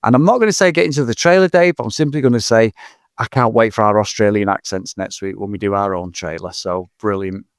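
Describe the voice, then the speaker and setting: A man with a fairly low, clear and resonant voice co-hosts a film podcast, recorded dry with studio quality. Chatty and breezy, he rattles through sign-off plugs and thank-yous at a brisk clip.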